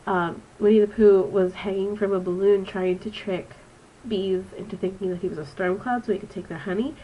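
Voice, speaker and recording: A woman's voice: medium pitch, steady tone, a little fast, highs cut off. A woman in her twenties with a stuffy, nasal voice from allergies, giving a rambling, casual book review on her vlog. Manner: chatty and rambling, with frequent ums. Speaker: student teacher reviewing a book.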